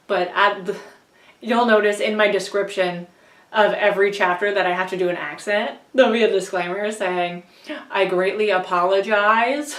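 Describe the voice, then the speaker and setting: A woman's voice: mid-range voice, fairly bright tone. A woman vlogging casually about her audiobook reading, chatty and self-deprecating, laughing often. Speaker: book vlogger and audiobook reader. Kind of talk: casual rambling vlog. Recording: echoey room, voice a bit far from mic.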